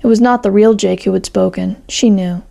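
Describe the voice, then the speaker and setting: Gravelly-voiced woman narrating a story. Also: medium pitch, steady tone, a little fast, mellow.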